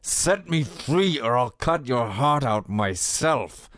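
A man's voice: mid-range voice, expressive, takes it slowly, fairly bright tone, no room sound, voice pushed up. A man voicing a proud older prisoner who defiantly demands his release. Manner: defiant, commanding.

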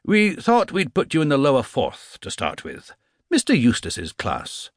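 A man's voice: medium pitch, wildly swooping pitch, measured pace, dry recording, clean studio sound, voice pushed up, heavily acted. A man voicing a nervous, fussy male schoolteacher in a storybook reading, in a somewhat raised voice.

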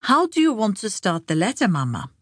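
A woman's voice: wildly swooping pitch, brisk, dry recording, clean studio sound. A woman voicing an anxious, bustling sixty-five-year-old daughter-in-law with a raised, fretful voice. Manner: fretful, higher-pitched.

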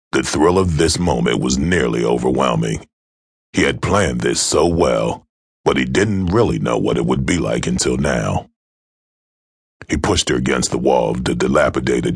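A man narrating a dark audiobook thriller in a measured, grave manner. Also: a bass voice, breathy edge, no echo, studio quality. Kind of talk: scripted narration.

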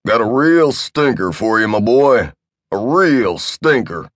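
A man's voice: medium pitch, lively intonation, unhurried, no echo, clean studio sound, voice pushed up, lightly acted. A man voicing a blunt military general who talks in short, clipped bursts. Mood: gruff, pushy.

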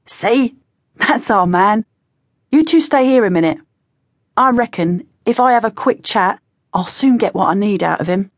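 A woman's voice: mid-range voice, expressive, a little slow, no echo, studio quality. A woman voicing a cocky, slangy teenage boy spy who talks in a breezy, conspiratorial way. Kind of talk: audiobook character voice.

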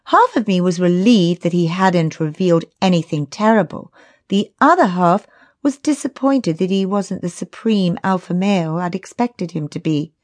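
A woman's voice: fairly low pitch, moderate pace, no echo. A woman narrating a first-person romance audiobook in a wry, conversational way.

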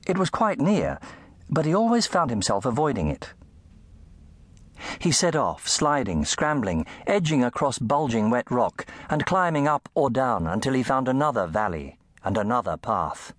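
Male storyteller, lively pitch, dry close studio sound, for a children's book. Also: normal speed, no room sound. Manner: animated storytelling, shifting pitch for effect. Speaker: audiobook narrator. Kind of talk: scripted narration.

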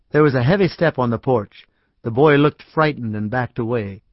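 A man reading a short story aloud as an audiobook narrator, in an even, measured way. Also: mid-range voice, no echo. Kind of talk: scripted narration. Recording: dry, slightly dull studio audio.

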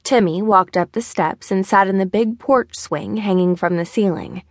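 A woman narrating a mystery novel with an even storytelling delivery. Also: medium pitch, moderate pace, dry recording, clean studio sound. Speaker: audiobook narrator. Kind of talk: scripted narration.

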